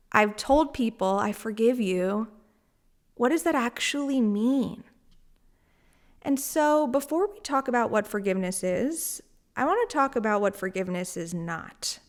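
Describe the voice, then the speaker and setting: A woman hosting a solo spiritual podcast, talking in a candid, rambling way with frequent laughs and casual swearing. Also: fairly high pitch. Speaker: podcast host.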